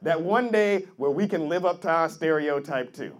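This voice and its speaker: A man performing stand-up comedy, loud and punchy, acting out bits. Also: on the high side, normal speed, background noise. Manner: loud, punchy, acts out characters. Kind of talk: stand-up routine.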